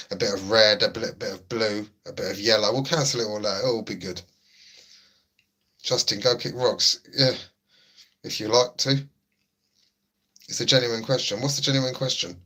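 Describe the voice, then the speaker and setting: A man's voice: lowish voice, pushed and bright. A young man hosting a livestream, chatting casually and joking as he reads out viewer messages. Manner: laid-back, jokey, reads chat aloud. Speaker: livestream host.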